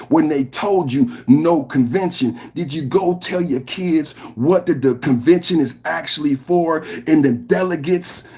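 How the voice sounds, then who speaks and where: A man hosting a live political reaction stream, talking in an animated, mocking way that swings from low mutters to shouts. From San Francisco Bay Area. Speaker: livestream podcast host.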